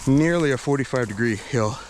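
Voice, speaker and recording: Out of breath while hiking among trees, this vlogger rambles hesitantly, filling his talk with fillers and restarts in a casual walk-and-talk style. He speaks briskly in a mid-range voice, and there is a little hiss or hum.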